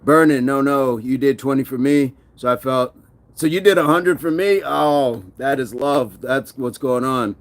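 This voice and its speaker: A man's voice: mid-range voice, a little slow. Man hosting a live workout stream. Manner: reads viewer comments aloud and laughs often. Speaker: fitness livestream host. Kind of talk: casual live-stream chat.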